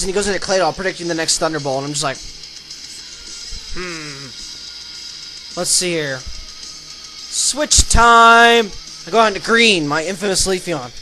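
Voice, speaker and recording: Young man, gaming channel host, battle commentary voice-over, excitable, bright tone, soft music behind. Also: high-pitched, low-quality recording. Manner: energetic, breaks into loud excited shouts. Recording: voice-over with faint background music.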